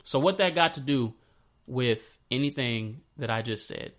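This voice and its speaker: A man telling a Bible story in a casual, slangy way, breaking into animated retellings of the scenes. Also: mid-range voice, unhurried. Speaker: speaker sharing a faith story. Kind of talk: casual spoken reflection.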